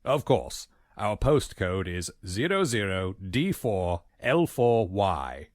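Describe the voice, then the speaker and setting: A man's voice: lowish voice, sing-song, slow, no echo. An actor voicing a prim, formal male butler with dry, polite delivery. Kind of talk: video game voice acting.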